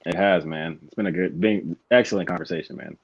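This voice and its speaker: A man's voice: sits low, a little fast, vocal fry. A young man, a college student guest, talking earnestly with lots of "like" and "you know" over a dull call line. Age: young adult. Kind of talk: casual chat. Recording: dull dry lo-fi call audio.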